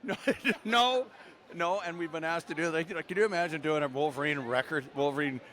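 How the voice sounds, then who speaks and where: A man's voice: fairly high pitch, steady tone, fast talker, a bit bright. An older man from Canada, a voice actor guest, telling long rambling stories full of fillers and restarts in a casual interview outdoors at a convention.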